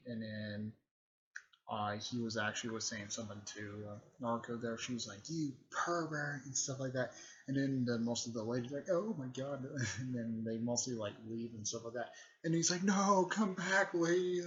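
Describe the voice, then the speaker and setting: Rambling man with a dull lo-fi mic. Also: on the low side. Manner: filler-heavy, repeats "technically" and "and stuff like that", clears throat often. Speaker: video creator recapping a fan series. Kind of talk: casual rambling recap.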